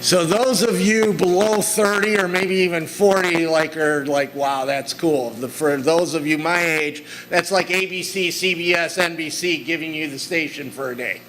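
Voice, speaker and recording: A man's voice: on the high side, fairly even intonation, normal speed, few pauses, fairly bright tone, rough recording. A middle-aged man giving a talk to an audience, telling stories about his work in an earnest, conversational way. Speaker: speaker. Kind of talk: conference talk with slides.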